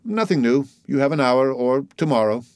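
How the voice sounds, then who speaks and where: A man's voice: mid-range voice, animated, normal speed, smooth, no echo, studio quality, pitched above the performer's own voice, natural voice. A man voicing a humble middle-aged telegraph keeper who is earnest, timid and respectful, in an audiobook reading. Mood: explaining. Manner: eager, anxious, respectful.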